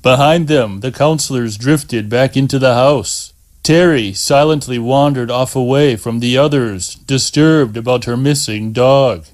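A male audiobook narrator reading at an unhurried, measured pace. His voice sits at an ordinary middle pitch, steady and plain. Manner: slow and measured.

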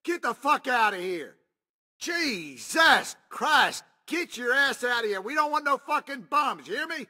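A man's voice: extremely high pitch, very animated, a little slow, bright, forceful tone, heavily acted. A man voicing a foul-mouthed, hot-tempered repairman in a video game, ranting and cursing to himself.

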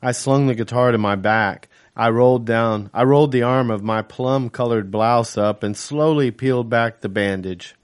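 Man reading his own novel, steady. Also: medium pitch, clean tone. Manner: steady, measured first-person reading. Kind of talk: audiobook narration.

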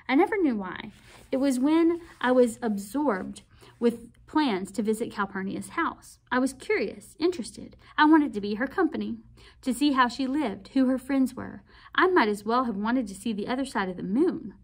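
A woman reading a novel aloud as host of a read-aloud channel, expressive and measured. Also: a little high.

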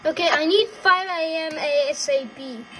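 A woman's voice: high voice, moderate pace, bright, forceful tone, slight background noise, poor audio. A young woman playing a horror game and commenting, swearing a lot and sounding jumpy and frightened. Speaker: gamer.

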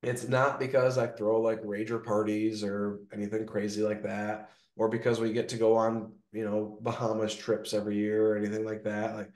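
Chatty business owner in an echoey room. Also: male voice, lowish voice, normal speed, hardly any pauses. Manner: energetic storytelling, frequent "like" and "right?". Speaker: gutter business owner, guest. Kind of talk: casual interview talk.

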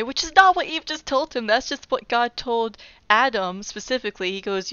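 A woman in a wry, exasperated comic register, reading aloud and then snapping into loud disbelief. Her voice is smooth and clean, set in a dry, close space with slightly muffled, dull highs. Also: animated, moderate pace, no echo. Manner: wry, exasperated, breaks into loud incredulous outbursts. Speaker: comedic Bible reader. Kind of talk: casual comedic scripture commentary.

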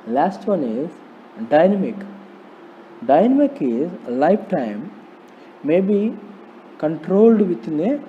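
Male lecturer, Indian English accent, slow and repetitive; dull lo-fi recording with faint hiss. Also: fairly high pitch. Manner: slow, repetitive explaining, rhetorical questions. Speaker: polytechnic lecturer. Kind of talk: recorded classroom lecture on programming.

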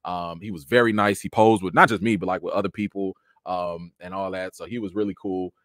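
A man casually telling stories from an awards show, chatty with many fillers, jumping into a high excited voice when acting out his encounters. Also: fairly quick, no echo, studio quality. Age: adult with a child. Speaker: vlogger recounting an awards show. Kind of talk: casual storytelling chat.

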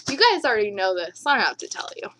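A young woman gushing excitedly to her camera in a home video, recorded on the camera's microphone. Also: medium pitch, fast, very noisy. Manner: bubbly, gushing. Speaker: vlogger. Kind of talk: excited haul vlog.

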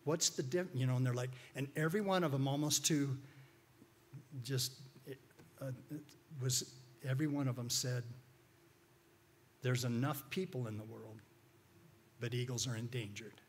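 A man's voice: medium pitch, steady tone, moderate pace, pauses often, slight background noise. A man speaking as a guest speaker, telling stories in a folksy, rambling way with many restarts and fillers. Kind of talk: informal church talk with storytelling.

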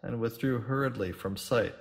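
A man reads a classic tale aloud in a steady, measured manner. His voice sits at an ordinary male pitch, and he keeps the narration even and clear. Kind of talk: audiobook narration.

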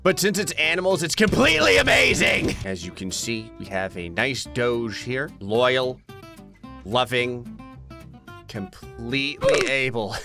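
Young male gaming host, animated, joking, quick to laugh, swooping delivery. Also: medium pitch, creaky, soft background music. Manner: excitable, laughs often, jokes at the game. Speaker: gaming YouTuber. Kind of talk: let's-play commentary.

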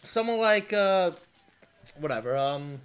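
A man hosting a live card break, reading out player names and shouting with excitement over big pulls. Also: high-pitched, slow pace, clean tone. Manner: reads out player names one by one. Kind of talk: live card-opening stream.

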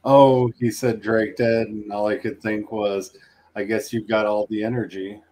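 Male co-player, lowish voice, wry joking banter. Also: little pitch movement, unhurried, darkish tone. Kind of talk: casual gaming chat.

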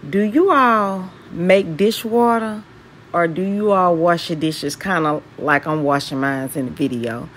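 Slow-talking Southern woman from Mississippi. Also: lowish voice, slight background noise. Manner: chatty, keeps asking viewers questions. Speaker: home vlogger. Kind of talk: casual chat to viewers while cleaning. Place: home kitchen.

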